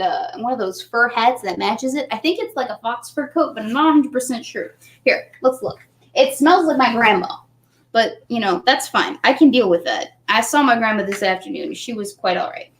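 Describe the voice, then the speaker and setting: A woman hosting her own channel, chatting casually to viewers while a little tipsy, rambling and easily distracted. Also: normal speed. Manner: rambling, easily distracted, jumps around in pitch. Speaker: channel host.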